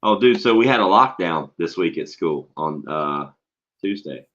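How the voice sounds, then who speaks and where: Deep-voiced blunt man, swearing freely. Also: animated, a little slow, fairly bright tone. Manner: blunt, swears freely, tells stories animatedly. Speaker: podcast host and school teacher. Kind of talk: casual profane chat. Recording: dull lo-fi recording.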